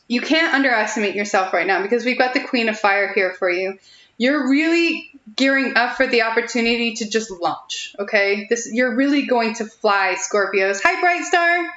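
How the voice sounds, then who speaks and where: Young woman doing a live tarot reading, giggly and reassuring, kinda high voice, echoey room. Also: fairly bright tone, highs cut off. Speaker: tarot reader.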